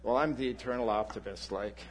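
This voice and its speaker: A male pastor preaching a sermon, telling a personal story in an animated way and acting out the people in it. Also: fairly low pitch, brisk, breathy edge. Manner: animated anecdote, voices the people in his story.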